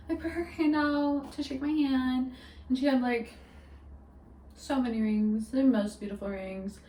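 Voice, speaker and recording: A woman's voice: high-pitched, warm tone, echoey room, far from the mic, slight background noise, low-quality recording. A young woman vlogging at home, telling a story in a rambling, chatty way full of "like" and "literally". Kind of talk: casual storytime vlog.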